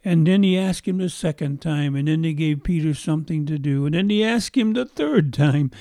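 A man's voice: on the high side, normal speed, vocal fry, mellow, dry recording, studio quality. A man preaching a sermon, retelling a story in a folksy way and repeating phrases for emphasis.

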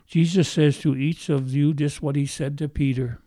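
A man's voice: on the high side, fairly even intonation, moderate pace, few pauses, warm tone, no echo, studio quality. A middle-aged male pastor preaching a sermon. He has a faint brogue-like sound left from a speech impediment, repeats phrases for emphasis and asks his listeners questions.

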